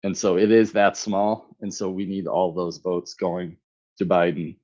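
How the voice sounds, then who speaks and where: A man talking casually as co-host of a live audio chat, making a relaxed, rambling pitch for a fundraiser. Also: measured pace. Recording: dull, lo-fi online audio.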